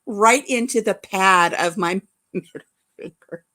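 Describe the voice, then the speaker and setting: A woman's voice: mid-range voice, slow pace, bright, forceful tone. Woman, livestream host, casual rambling chat, mid-range voice. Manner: chatty and rambling, greeting viewers by name. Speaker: vlog host.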